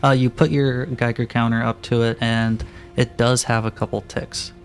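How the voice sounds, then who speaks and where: A man's voice: medium pitch, level tone, moderate pace, faint music behind. A man narrating as game master of a tabletop role-playing game, casual, with many fillers.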